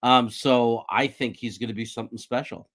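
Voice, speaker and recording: A man's voice: mid-range voice, fairly even intonation, normal speed, fairly bright tone. A man co-hosting a casual sports livestream, talking in an easygoing way and chuckling along. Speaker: podcast co-host.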